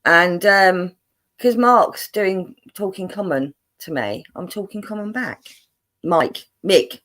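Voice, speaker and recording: A woman's voice: lowish voice, lively intonation, slow pace, a bit bright. A woman with a London accent, hosting a casual chat, reading out viewer comments, laughing often and playing up her broad common accent. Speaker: host.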